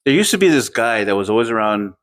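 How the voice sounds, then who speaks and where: A man co-hosting a podcast, telling stories in a casual, animated way and swearing freely. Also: on the low side, quick pace, clean tone. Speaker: podcast co-host. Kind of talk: casual chat.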